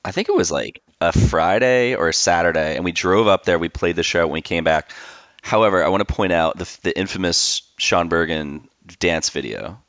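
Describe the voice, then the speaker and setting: A man's voice: low-pitched, moderate pace, a bit bright, no echo. A man in his forties hosting a podcast over a video call, loose and joking, swearing casually while reminiscing. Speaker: podcast host. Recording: dry, dull lo-fi call audio.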